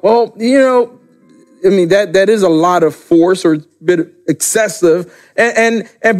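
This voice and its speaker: An older man preaching a sermon in a room, slow and emphatic, dropping low and quiet to stress his points. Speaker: pastor. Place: room with camera, daughter filming.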